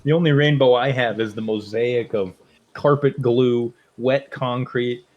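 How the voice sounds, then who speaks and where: A man's voice: medium pitch, steady tone, a little slow, a little mellow, muffled recording. A man co-hosting a podcast, chatting casually and laughing as he tells a long groaner joke. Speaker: podcast co-host. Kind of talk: casual chat.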